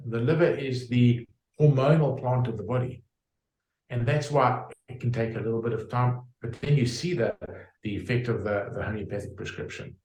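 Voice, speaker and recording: A man's voice: mid-range voice, a little mellow. Man explaining in an echoey room. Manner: explains with homely examples, many fillers and restarts. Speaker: homeopath guest. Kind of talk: conversational interview explanation.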